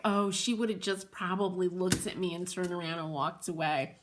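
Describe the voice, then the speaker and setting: A woman's voice: fairly low pitch, fairly even intonation, moderate pace, noisy background. A middle-aged woman hosting a livestream, chatting in a rambling way, laughing often and calling out viewers by name. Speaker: host of a furniture painting livestream.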